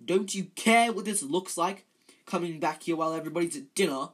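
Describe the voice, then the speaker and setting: Reader doing a bossy prefect boy, loud and outraged, husky edge. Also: medium pitch, expressive, slow pace. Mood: indignant. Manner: loud and indignant.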